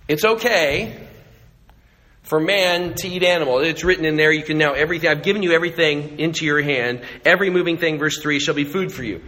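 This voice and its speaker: A man's voice: fairly high pitch, pushed and bright, long reverb tail. A middle-aged man preaching a sermon in a conversational way, telling stories and restarting his phrases as he goes. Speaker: pastor.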